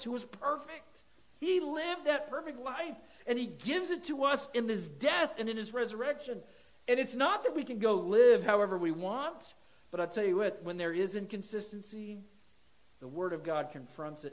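High-voiced male pastor preaching. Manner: dramatic swings from loud declaring to hushed near-whisper. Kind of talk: sermon.

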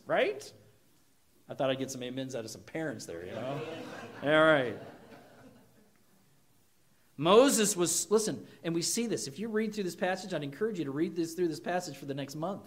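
High-voiced preacher man, earnest. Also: big pitch swings, normal speed. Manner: earnest preaching with rhetorical questions and acted quotes. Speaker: pastor. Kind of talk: sermon.

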